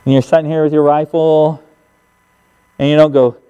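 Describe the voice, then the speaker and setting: Older male pastor, high-pitched and mellow, folksy sermon storyteller, church hall reverb. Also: little pitch movement, normal speed, clean tone. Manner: folksy storytelling, emphatic sound effects. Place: church sanctuary.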